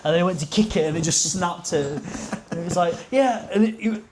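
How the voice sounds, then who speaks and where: A man's voice: high voice, fast, noisy background. A young man, a podcast guest telling rambling anecdotes in casual chat, swearing and acting out quotes. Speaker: podcast guest, racing driver.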